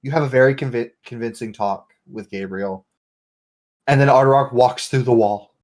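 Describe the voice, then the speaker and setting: A man's voice: mid-range voice, a little mellow. A man running a tabletop game, narrating scenes and laughing as he quotes the characters. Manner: laughing, swearing, acting out characters in quick quotes. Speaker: game master.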